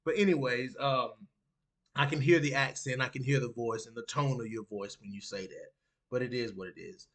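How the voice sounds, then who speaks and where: A man talking casually on a live stream and reading chat aloud, animated, jumping from low asides to loud outbursts, often saying "you know what I'm saying". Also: moderate pace. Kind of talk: casual talk on a live stream about mixed martial arts.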